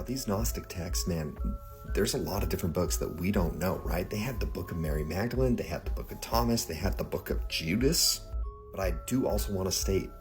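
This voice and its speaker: Very deep-voiced man chatting to viewers. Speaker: social media creator. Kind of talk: casual vlog commentary to viewers.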